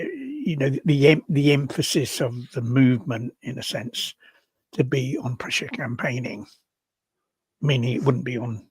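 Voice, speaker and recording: An older man from England co-hosting a casual discussion, talking in halting bursts with many restarts and repeated words. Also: medium pitch, slightly rough, no echo. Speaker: podcast co-host.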